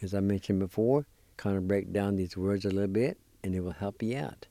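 A radio language lesson led by a man. He speaks in a low, warm, unhurried voice, spelling each word letter by letter. The sound is close and dry, and he cheers his listeners on. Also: vocal fry, no echo. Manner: slow, careful spelling and pronouncing of words; encouraging toward listeners. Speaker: language teacher and show host.

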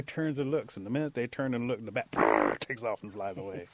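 Male storyteller, folksy, relaxed, unhurried, oral tale, mid-pitched voice. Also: creaky.

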